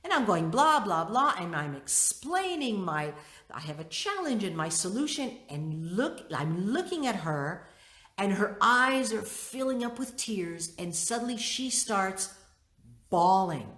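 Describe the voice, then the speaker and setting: A middle-aged woman leading a workshop, teaching and telling a personal story in an expressive way, acting out her own thoughts. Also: medium pitch, unhurried. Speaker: workshop leader. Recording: roomy echo.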